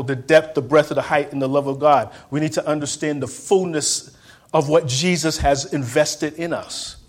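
In a church, a man with a higher-pitched voice preaches a sermon, repeating phrases and urging the congregation to respond. He swings between loud outbursts and hushed words.

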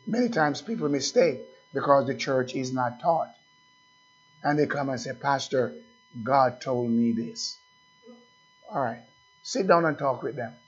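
A man preaching a sermon as pastor, speaking slowly and asking the congregation questions again and again. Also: mid-range voice, animated, breathy edge, muffled recording.

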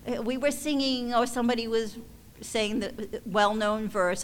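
A woman leading a ministry, giving a heartfelt church testimony to supporters in a halting, emotional way, often restarting her sentences. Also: a little high. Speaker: ministry leader addressing supporters. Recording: long hall reverb, faint background noise.

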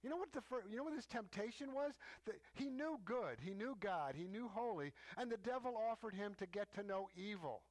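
High-voiced emphatic male preacher. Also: expressive, fairly quick, few pauses, no room sound. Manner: emphatic, swings pitch for stress. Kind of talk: sermon teaching.

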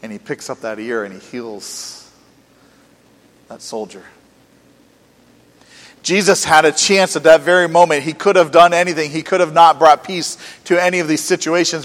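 Preacher, male, slightly high voice, earnest sermon with rhetorical questions, long hall reverb. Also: fairly bright tone. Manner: earnest, rising and falling with emphasis, rhetorical questions.

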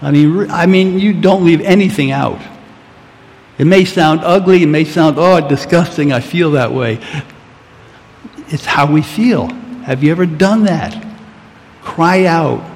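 Male pastor, fairly high voice, earnest sermon delivery with pleading peaks, long hall reverb. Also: measured pace, a little mellow.

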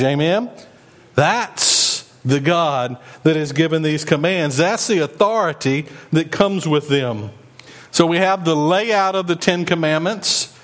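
Male pastor, slightly high-pitched, folksy emphatic sermon delivery. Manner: folksy, emphatic preaching with rising and falling delivery.

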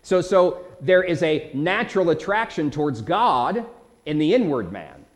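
Pastor guy preaching, swoops up and down a lot, slightly high voice. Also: measured pace. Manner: animated preaching with dramatic quoted outbursts. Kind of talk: sermon.

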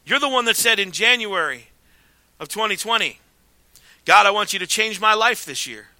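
A man voicing God as a calm male presence, soft and quiet, inside his sermon. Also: high-pitched, moderate pace, dry recording, heavily acted. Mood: gentle. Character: God, male, whispering gently to a believer.

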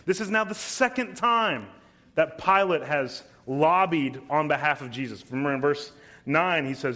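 A male pastor preaches a verse-by-verse sermon in a slightly high voice. He takes his time, leaning on key words with deliberate emphasis. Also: animated, fairly bright tone. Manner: deliberate, emphatic, reads scripture aloud. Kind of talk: expository sermon.

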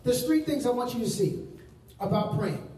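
A male pastor preaching a sermon to a congregation, stressing words and stretching out key phrases slowly. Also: extremely high pitch, lively intonation, warm tone. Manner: emphatic preaching with slow drawn-out phrases. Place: large room with congregation. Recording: very echoey room, distant mic.

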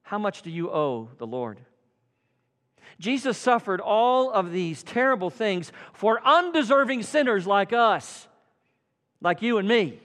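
A man preaching an evening church sermon, swinging from loud fervent calls to hushed quiet passages. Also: sits high, very animated, measured pace, long reverb tail. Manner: dramatic swings from loud fervor to hushed tones. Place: church sanctuary.

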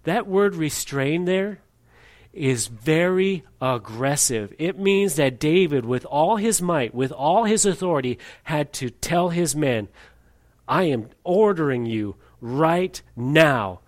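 A man preaching a sermon, animated, acting out voices in his story and reading scripture aloud. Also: on the high side, slow. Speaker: pastor.

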